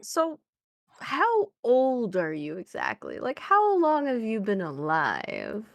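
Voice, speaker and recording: A woman's voice: fairly high pitch, huge pitch swings, takes it slowly, gravelly, dry recording. A woman playing her character in a tabletop role-play game, chatty and giggly, often trailing off mid-thought.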